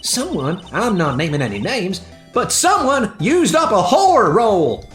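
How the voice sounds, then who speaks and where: A woman voicing a brash, loud Southern woman photographer with a drawling Southern US accent, over game music. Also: mid-range voice, sing-song, a little slow, roomy sound, voice pushed up. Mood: scolding.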